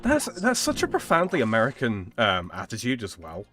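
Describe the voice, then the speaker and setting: A man's voice: medium pitch, huge pitch swings, moderate pace, bright, forceful tone. Musing male streamer, chatting over game music. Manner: musing, hesitant, thinks aloud with many fillers. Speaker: streamer host. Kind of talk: casual chat while gaming.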